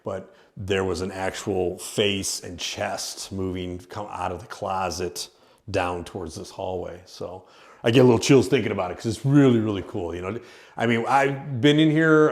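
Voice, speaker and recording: Inside an old industrial building, a man who owns a haunted house gives a casual tour at normal speed in a lowish voice. His explanation rambles, full of fillers and restarts.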